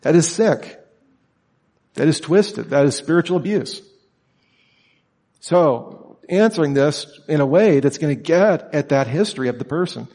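A man lectures students with emphasis and keeps posing rhetorical questions. His voice sits a little high for a man. The sound carries a long reverb, as in a large hall. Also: lively intonation, moderate pace, darkish tone. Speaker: teacher at a summer institute.

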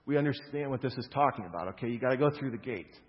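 A man's voice: medium pitch, animated, fast talker. A man preaching a sermon, explaining scripture with emphatic stresses on key words and casual conversational asides. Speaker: pastor. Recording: dull lo-fi sound with long hall reverb.

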